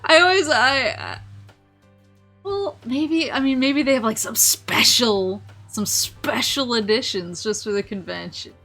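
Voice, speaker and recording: A woman's voice: on the high side, measured pace, sharp tone, faint music behind. A young woman streaming a casual chat, giggling often and rambling with lots of restarts. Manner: giggly, rambling, self-interrupting. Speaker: vtuber streamer.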